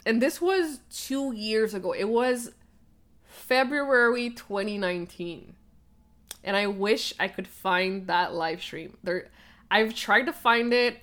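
An earnest young woman talks straight to her listeners, telling a personal story of her own. She leans on "like" and "right?" and often breaks into laughter. Her voice sits at an ordinary middle pitch. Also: fairly bright tone. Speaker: podcast host.

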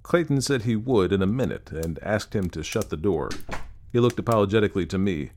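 A man with a low voice reads a classic story aloud in a measured, steady storytelling manner. The narration is calm and unhurried. He shifts easily between plain telling and the characters' speech. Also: a little hiss or hum. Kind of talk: audiobook narration.

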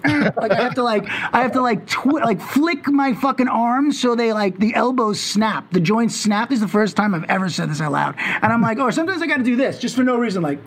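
Guy with a high voice, chatty podcast host, keeps interrupting. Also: expressive, a little fast, few pauses. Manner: rambling, interrupts often, joking. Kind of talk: casual chat.

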